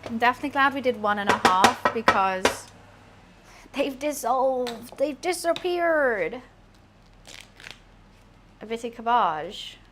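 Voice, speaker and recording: A young British woman chatting casually while she cooks on a live stream, answering chat in a deadpan way. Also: fairly high pitch, normal speed, heavy background noise. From United Kingdom.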